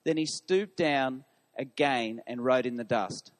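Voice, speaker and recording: A man's voice: mid-range voice, measured pace. A man preaching a sermon to his congregation, putting questions to the listeners. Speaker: pastor. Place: church hall. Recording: long reverb of a large hall.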